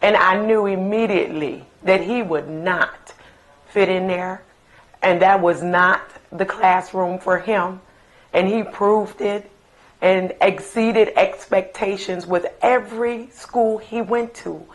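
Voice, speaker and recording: Slow-spoken middle-aged mother reminiscing. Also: medium pitch, fairly even intonation, rough recording. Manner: slow, emphatic reminiscing with fond asides. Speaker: mother remembering her late son. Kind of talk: recorded interview, personal storytelling.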